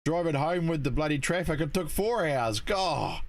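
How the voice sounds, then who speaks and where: A man's voice: a little high, animated, normal speed, vocal fry. A man with a New Zealand accent co-hosting a casual talk show, easygoing and upbeat, with mild swearing. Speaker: co-host. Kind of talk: casual podcast chat.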